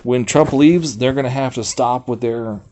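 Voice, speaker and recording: A man in a casual livestream talks loosely to his chat in a mid-pitched voice. He rambles, reads text aloud and bursts into profane exclamations. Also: normal speed. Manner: swears freely, animated outbursts. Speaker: streamer.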